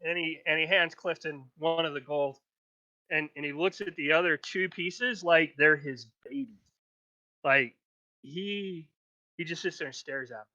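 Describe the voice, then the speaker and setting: A man's voice: on the high side, a little slow, sharp tone, no echo, muffled recording. A man running a tabletop game as game master, narrating loosely with many restarts. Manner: rambling, restarts, acts out figures.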